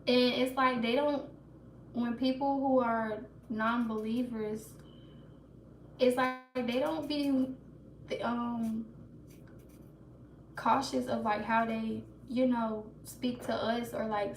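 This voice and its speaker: On a casual livestream, a woman talks to chat, laughs nervously and restarts. Her voice is on the high side and level in tone, slow with long pauses. Expect roomy echo, a slightly distant mic, faint ambience and a little hiss or hum.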